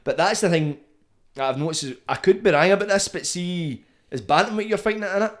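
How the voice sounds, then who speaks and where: A man's voice: high-pitched, fast talker. A man hosting a podcast, talking in a loose, sweary, casual way and ending phrases with "man". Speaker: podcast host.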